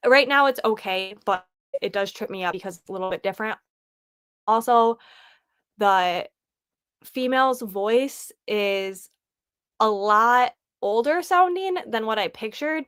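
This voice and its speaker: A woman's voice: mid-range voice, clean tone, no echo, clean studio sound. A woman hosting a casual livestream, chatting and rambling as she thinks aloud. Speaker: livestream host.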